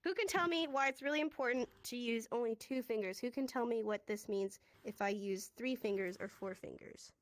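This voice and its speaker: A woman's voice: fairly high pitch, brisk, hardly any pauses, dry recording. A woman teaching a casual sign language class in a virtual classroom, upbeat and chatty, laughing often as she walks learners through hand motions.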